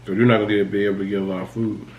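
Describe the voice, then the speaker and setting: A laid-back man chats between bites as a guest at a meal. His voice is low, and the room gives it a noticeable echo. Steady noise sits clearly behind him. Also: very fast, lo-fi sound. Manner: laid-back, short murmured replies. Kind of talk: casual chat while eating. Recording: echoey room with background noise.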